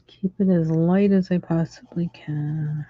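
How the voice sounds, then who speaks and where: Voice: mid-range voice, fairly even intonation, a little slow, no room sound, lo-fi sound. A livestream host ranting casually and in exasperation while coloring, chuckling between lines.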